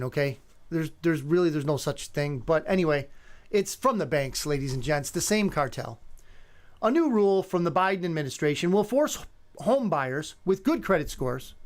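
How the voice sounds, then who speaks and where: A man in his fifties hosting a talk radio show, talking in an emphatic, conversational way. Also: a little high. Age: 50s. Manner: conversational, emphatic, greets callers by name. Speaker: radio host.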